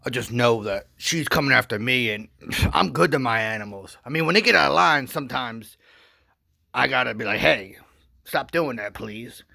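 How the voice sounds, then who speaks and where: A man telling a rambling satirical comedy story with goofy, deadpan asides. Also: mid-range voice, a little fast, gravelly.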